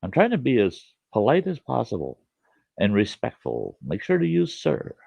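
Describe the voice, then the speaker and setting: A man's voice: mid-range voice, wildly swooping pitch, normal speed, gravelly, darkish tone, slightly rough, no room sound. A man in his sixties, a host, telling a childhood story in a folksy, conversational way. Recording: dull lo-fi dry recording.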